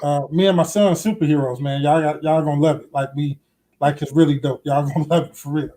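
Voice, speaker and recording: A man's voice: on the high side, fairly even intonation, fast, mellow. A man co-hosting a casual panel talk, laid-back and slangy while he plugs his film and video business. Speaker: co-host and filmmaker.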